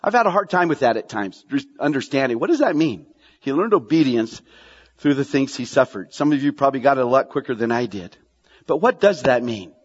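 Animated preaching man in a reverberant hall. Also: mid-range voice, fairly quick, slightly rough. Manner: animated preaching, repeats lines for emphasis, asks the congregation questions. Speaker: pastor. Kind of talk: sermon. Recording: dull sound, long hall reverb.

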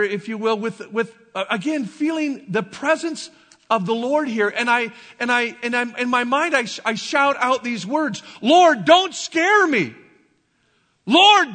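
Pastor, male, high bright voice, halting and emotional testimony in a reverberant hall. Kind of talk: sermon testimony.

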